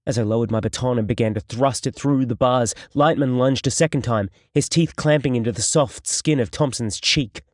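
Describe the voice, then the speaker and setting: A man narrating an audiobook in the first person, with steady, measured storytelling. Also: mid-range voice, dry recording, studio quality.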